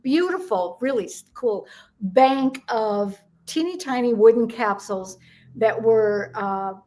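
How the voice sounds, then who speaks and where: Lively older American woman, higher voice. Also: takes it slowly. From United States. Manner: animated, acts out voices in her stories. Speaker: guest, numerologist. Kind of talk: storytelling in a chat interview.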